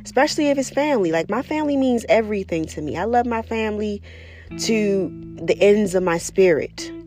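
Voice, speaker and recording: A woman speaking candidly about her spiritual practice in a casual personal monologue, profane and animated as she tells stories. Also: medium pitch, fairly quick, soft background music. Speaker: spiritual vlogger.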